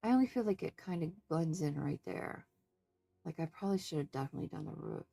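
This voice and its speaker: A woman's voice: deep voice, animated, quick pace, gravelly, dark tone. A woman chatting casually through an art journaling tutorial, thinking aloud, fussing over details and talking to her viewers. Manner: fussy, second-guessing. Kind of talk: casual crafting tutorial chat.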